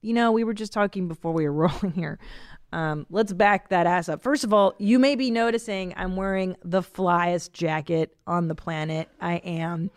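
A woman's voice: fairly low pitch, normal speed, dry recording, clean studio sound. A woman in her forties hosting a podcast, chatting casually and self-mockingly with frequent laughter. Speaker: podcast host. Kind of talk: casual comedic monologue.

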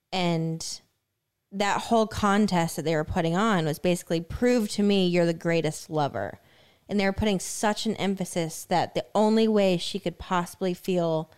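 A woman's voice: on the low side, a little mellow, clear, resonant tone. A woman co-hosting a casual reaction chat, talking earnestly and reflectively. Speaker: co-host reacting to a clip.

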